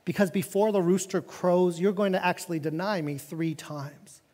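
A man playing a calm, compassionate male teacher who speaks softly and gently. His voice sits fairly high, and the sound carries a long church-hall reverb. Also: moderate pace. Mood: gentle. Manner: soft and gentle.

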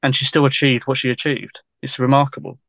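A man's voice: mid-range voice, little pitch movement, brisk, creaky, fairly bright tone, no echo. A man, a guest historian in a casual podcast interview, talking in a loose, rambling way full of fillers and frequent laughs.

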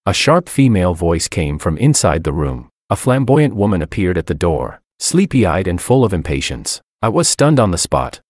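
A man's voice: low-pitched, big pitch swings, moderate pace, few pauses, darkish tone, dry recording, clean studio sound. A man narrating a first-person story in a cold, dramatic manner.

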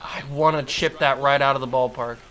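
A man's voice: medium pitch, steady tone, a little fast, pushed and bright. A man giving casual gameplay commentary, talking to himself and prone to frustrated outbursts. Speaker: gamer.

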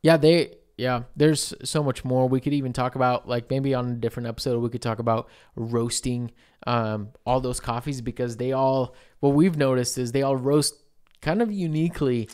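A man's voice: medium pitch, moderate pace, few pauses, clean tone. A man co-hosting a podcast, chatting casually with lots of fillers and easy laughs. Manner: relaxed, laughing, filler-heavy. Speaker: podcast co-host.

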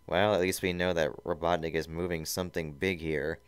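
A cocky young hedgehog hero, voiced by a man reading a fan story, talks in an offhand, casual way. The voice is low and clear. It's recorded close with no room sound. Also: level tone, normal speed, no echo, natural voice.

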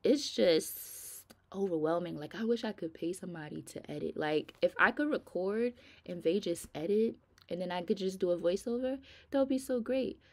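Middle-aged woman, casual vlogger, tired and rambling, fairly low voice. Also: moderate pace. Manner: chatty, rambling, informal, addresses viewers as y'all. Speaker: nail vlogger. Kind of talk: casual chat to viewers.

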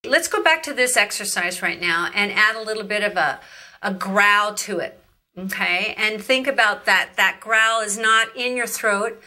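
A woman's voice: mid-range voice, normal speed, pushed and bright. A woman vocal coach teaching growling and screaming, demonstrating each sound and praising the student. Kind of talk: scripted vocal lesson.

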